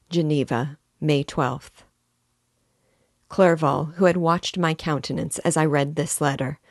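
Low-voiced woman reading a novel aloud. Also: vocal fry, no room sound, studio quality. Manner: measured, expressive reading. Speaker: book reading guide.

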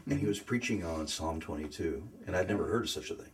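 A man telling his faith story in a casual conversation, earnest and emotional, often pausing to search for words. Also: deep voice. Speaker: guest sharing faith story.

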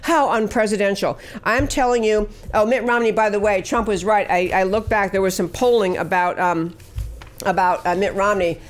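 A woman's voice: medium pitch, steady tone, normal speed. A woman hosting a talk show, delivering opinionated political commentary in an emphatic, scornful way with many fillers.

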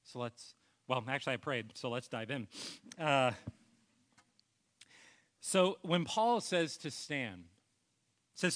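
A male pastor preaching a sermon with earnest personal storytelling, often trailing off into a soft, low voice. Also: lively intonation, takes it slowly, long pauses.

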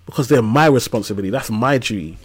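A man in his thirties, talking as a podcast guest. He speaks in an animated, storytelling way, full of casual slang and everyday asides, at a mid pitch for a man. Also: fast talker, breathy edge. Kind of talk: casual conversational interview.

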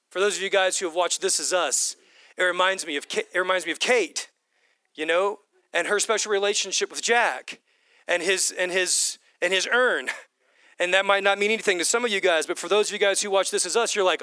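A middle-aged man preaching with a high, bright voice. He drives his points home by repeating short phrases. The sound is close and dry, with no room echo. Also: normal speed. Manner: animated preaching, repeats lines for emphasis. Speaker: pastor. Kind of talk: sermon.

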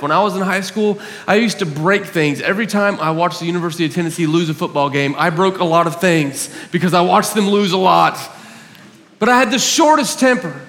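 A man's voice: high voice, fairly bright tone. A male pastor giving an earnest sermon, telling stories about himself with self-mocking humor. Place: church hall. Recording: long hall reverb.

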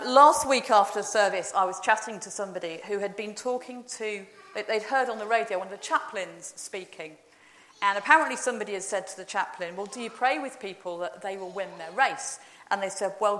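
A woman's voice: mid-range voice, a bit bright. A woman leading an informal all-age talk in a church service, chatty and playful as she quizzes the congregation. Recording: roomy church echo.

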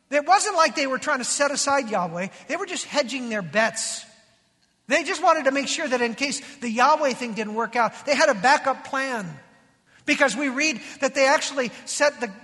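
A pastor preaches in a lively, conversational way, slipping into quoted voices as he goes. His voice is strikingly high and bright. It rings with the long reverb of a big church hall. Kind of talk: sermon.

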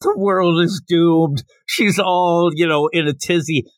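A man's voice: a little high, takes it slowly, dry recording. A man hosting a podcast, casually recapping a manga chapter and jumping into character voices. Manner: animated, jumps into character voices. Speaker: podcast host.

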